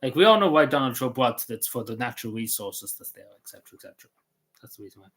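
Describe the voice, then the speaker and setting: A man with a Cavan Irish accent talks quickly on a casual livestream. His voice is bright and tense. He rambles, breaks off and restarts his sentences, and fills the gaps with "um" and "like.". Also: medium pitch, lively intonation. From Ireland. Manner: rambling, full of restarts and fillers. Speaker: vlogger.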